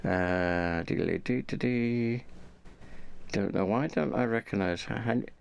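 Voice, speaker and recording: A man's voice: low voice, unhurried, gravelly, clear, resonant tone. A man chatting casually and rambling, with many fillers and restarts. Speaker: channel host.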